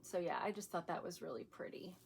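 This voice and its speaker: A middle-aged woman with a fairly low voice talks casually to her viewers, rambling from one item to the next. She laughs often and has a dry, sarcastic streak. A faint hum of room noise sits behind her. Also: fast, creaky. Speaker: vlogger showing a shopping haul. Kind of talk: casual haul chat.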